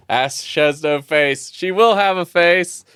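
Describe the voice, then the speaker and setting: A man's voice: high voice, fairly bright tone, clean tone, no room sound. A man hosting as game master, flustered and self-deprecating, muttering to himself while fixing his stream setup. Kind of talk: casual stream setup chat.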